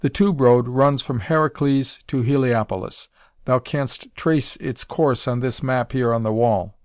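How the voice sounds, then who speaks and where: A man's voice: a little slow, a little mellow, no echo, clean studio sound, lightly acted. A man doing a proud, commanding warrior in old-fashioned speech. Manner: archaic thee-and-thou speech, deep and commanding. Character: proud fierce male warrior officer, archaic speech.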